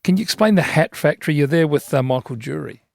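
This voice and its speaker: A man's voice: on the high side, lively intonation, fast talker, gravelly, a little mellow, no room sound, studio quality. A man hosting a podcast, asking casual, conversational questions and sometimes searching for words. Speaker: podcast host. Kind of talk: interview questions.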